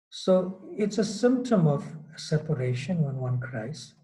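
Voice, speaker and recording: Mellow-voiced man giving a relaxed sermon. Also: on the high side, unhurried, low-quality recording. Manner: loose, storytelling with many fillers and restarts. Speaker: swami giving a scripture class. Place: temple hall.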